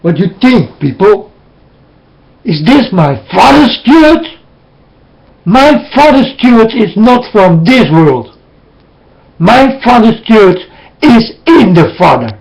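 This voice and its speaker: Brief: high-pitched man, slow and intense, preaching warnings at a webcam. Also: sing-song, vocal fry, darkish tone, rough recording. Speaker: self-styled preacher. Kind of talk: webcam sermon.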